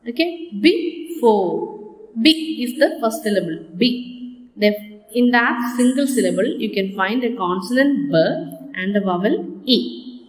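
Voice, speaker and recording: A woman teaching a lesson, patiently repeating example words slowly and checking with "okay?" as she goes. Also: a little high. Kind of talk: classroom lecture on phonetics. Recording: echoey room with long reverb.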